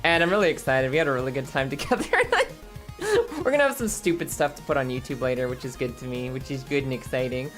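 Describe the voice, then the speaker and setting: A woman streaming and chatting casually, her voice a bit hoarse and scratchy, laughing often and rambling. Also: a bass voice, lively intonation, fast talker, soft background music. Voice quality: scratchy throat.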